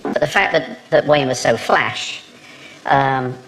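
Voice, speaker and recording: A man in an interview, explaining slowly and in a measured way. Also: mid-range voice, vocal fry, a bit bright, slight background noise, low-quality recording. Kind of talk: reflective interview.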